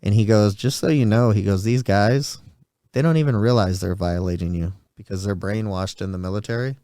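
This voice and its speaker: A man's voice: fairly low pitch, brisk, dark tone, dry recording, studio quality. A podcast host in his forties telling a story in a rambling, casual way and acting out the voices of people he quotes. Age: 40s. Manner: rambling, acts out quoted dialogue.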